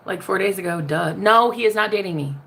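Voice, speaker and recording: A woman with a mid-range, vocal-fry voice hosts a casual spiritual vlog, with a little hiss or hum on the recording. She's sassy and talks straight to viewers, calling them honey. She laughs often and swings between loud and hushed.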